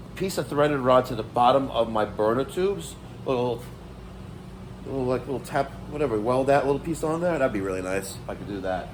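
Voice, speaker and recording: A man's voice: mid-range voice, slight background noise. A middle-aged man, ranting casually to camera about delayed mail, swearing and exasperated. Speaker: vlogger.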